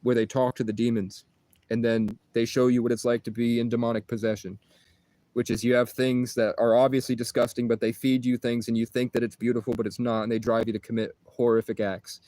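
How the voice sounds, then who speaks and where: A man's voice: medium pitch, flat delivery, a little fast, dark tone, dry recording. A man in a casual vlog monologue, talking in an intense, rambling, profane way.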